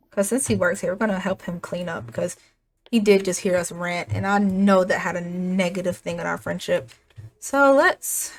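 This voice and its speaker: A young adult woman chatting casually as she narrates a life-sim game story, animated and quick to laugh. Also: mid-range voice. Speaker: gaming YouTuber.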